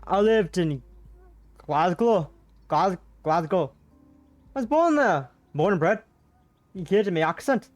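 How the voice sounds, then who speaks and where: Talkative middle-aged man, attempted Glaswegian accent, loud, kindly, streamer doing the voice, visual novel read-aloud. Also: medium pitch, expressive, unhurried, pauses often, no room sound, soft background music, natural voice. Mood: chatty.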